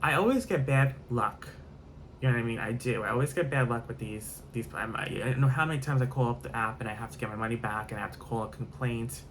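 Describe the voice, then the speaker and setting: A man's voice: medium pitch, quick pace, fairly bright tone, slight background noise. Rambling man telling a story time. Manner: rambling, repeats himself, swears freely. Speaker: vlogger.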